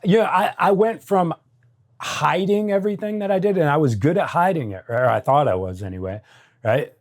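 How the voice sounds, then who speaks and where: Middle-aged american guy, intense and raw, swears a lot, keeps saying right, pitch a bit up. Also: animated, moderate pace. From United States. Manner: intense, raw, swearing freely, many tag questions. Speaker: guest. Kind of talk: candid interview storytelling.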